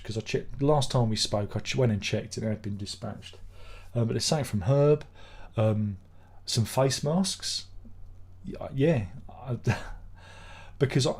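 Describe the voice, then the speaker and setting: A man's voice: mid-range voice, vocal fry, a little mellow, slightly rough. A middle-aged man hosting a casual live stream, grumbling, swearing and rambling in exasperation.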